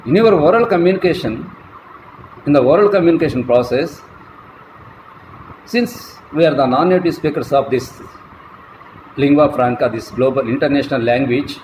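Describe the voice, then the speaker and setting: A man giving a slow, deliberate classroom lecture as a college lecturer, spelling words out letter by letter. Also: a little high, darkish tone. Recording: echoey room, faint traffic noise.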